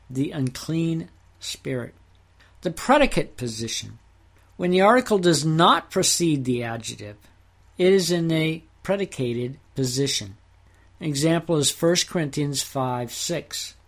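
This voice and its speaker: A man with a slightly higher voice teaches Bible Greek at an unhurried pace. He reads verses and grammar terms slowly and deliberately, in the manner of a scripted teaching podcast.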